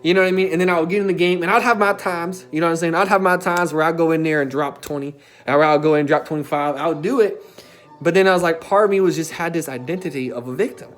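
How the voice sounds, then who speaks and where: A man's voice: fairly high pitch, quick pace, faint music behind. A young man telling a personal story in a casual, emphatic way, as a self-development coach. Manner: casual and emphatic, with frequent filler tags and swearing.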